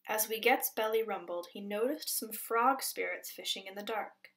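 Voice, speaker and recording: A woman from the Pacific Northwest coast, a teacher, reading a storybook aloud in a gentle, expressive way and sometimes dropping to a soft whisper. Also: mid-range voice, moderate pace.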